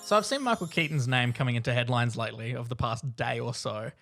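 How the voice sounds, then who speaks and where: A man's voice: mid-range voice, fast, a bit bright, faint music behind. A young Australian man hosting a movie podcast in casual chat, steering the talk and laughing often. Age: young adult. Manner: leads the show, laughs often. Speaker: podcast host.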